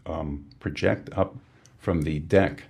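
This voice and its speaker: A man with a very low, gravelly voice talks through technical history in a relaxed podcast conversation. His tone is husky and a little rough. He pauses often with fillers and restarts his sentences as he explains. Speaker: sonar engineer guest.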